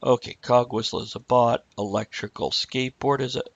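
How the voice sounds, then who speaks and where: A man's voice: mid-range voice, steady tone, brisk, no echo, dull audio. A man co-hosting a live stream, rambling casually and breaking off mid-thought. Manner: rambling, self-interrupting, reads chat aloud. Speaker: livestream co-host.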